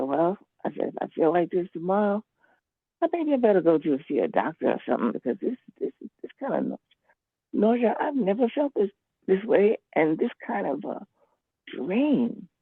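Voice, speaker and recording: A woman's voice: sits low, creaky, slightly rough, no room sound. A woman calling in to an online class, talking in a rambling, emphatic way and repeating herself. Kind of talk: casual spoken account. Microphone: computer call. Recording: tinny phone-like line.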